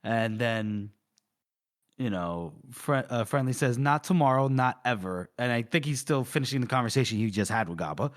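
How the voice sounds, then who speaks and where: A man co-hosting a book podcast, retelling a chapter in an animated, casual way with swearing and laughter. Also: medium pitch, normal speed. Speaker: podcast co-host. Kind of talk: casual book-discussion chat.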